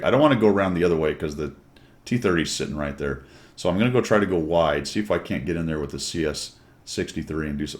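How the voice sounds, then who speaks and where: A man commenting on his own tank gameplay in a chatty, wry way, with jokey asides to viewers. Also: sits low.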